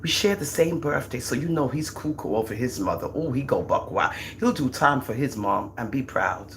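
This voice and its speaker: Her voice is extremely low-pitched, at normal speed, with slight background noise. This middle-aged livestream host has a Jamaican accent and chats in an animated, teasing way, bragging about her kids.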